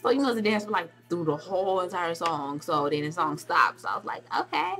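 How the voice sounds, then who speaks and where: A young woman excitedly telling a vlog story, acting out quotes with squeals and shouts. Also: on the low side, brisk, soft background music. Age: young adult. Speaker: vlogger recounting a club night.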